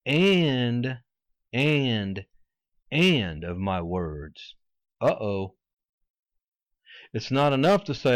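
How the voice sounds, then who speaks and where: A man's voice: medium pitch, no room sound. A man preaching a fervent sermon, quoting scripture and acting out mocking voices.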